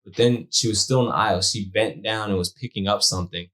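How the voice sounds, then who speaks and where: A young man, a new father and podcast co-host, telling a story in a lively, slangy way and acting out the quotes. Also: lowish voice, quick pace. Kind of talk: casual storytelling chat.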